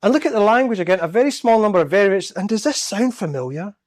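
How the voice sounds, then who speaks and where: A man's voice: high-pitched, animated, fast, no echo, clean studio sound. A man from Scotland, giving a storytelling public talk as a guest speaker in a church. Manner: storytelling, acts out quoted voices.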